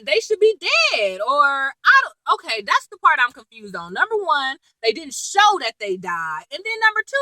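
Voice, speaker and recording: A woman casually recapping a TV episode in a chatty, animated way, laughing and full of slang and asides. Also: sits high, no echo, rough recording. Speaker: TV episode reviewer.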